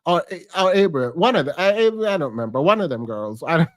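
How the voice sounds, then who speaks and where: Man with a high voice, sassy and chatty, reacting to a clip. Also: sing-song, brisk, few pauses. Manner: sassy, chatty, calls the speaker "girl". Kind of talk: casual reaction commentary.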